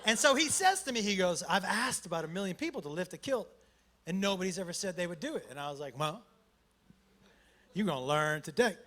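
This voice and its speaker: A brash man telling a stand-up story on a club stage, his voice pitched unusually high and swinging widely as he goes. The tone is bright and sharp, with loud shouted punches. A faint hum of room noise sits under him. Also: expressive, quick pace. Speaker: stand-up comedian. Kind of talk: stand-up comedy set.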